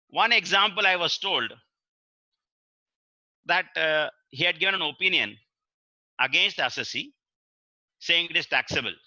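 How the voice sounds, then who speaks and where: A man's voice: on the high side, pushed and bright, no echo. An older Indian man with an Indian English accent, telling courtroom stories in an earnest lecture, over a webinar mic. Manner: earnest storytelling, quotes courtroom exchanges, many filler uhs. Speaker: senior advocate giving a webinar talk. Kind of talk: reminiscing lecture. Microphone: webinar computer mic. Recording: dry muffled webinar audio.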